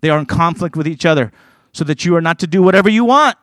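A man's voice: a little high, lively intonation, quick pace, fairly bright tone, no room sound. A man preaching a sermon who reads scripture aloud with earnest emphasis and slips into conversational asides, stumbling and repeating words.

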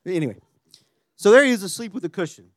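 A man preaching a sermon, animated and conversational, dropping to a hushed voice when acting out quotes. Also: sits high, racing, no room sound, studio quality. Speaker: pastor.

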